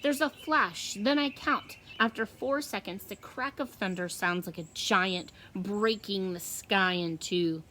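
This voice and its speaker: A woman teacher reading a novel aloud with slow, expressive storytelling. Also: medium pitch, a little hiss or hum.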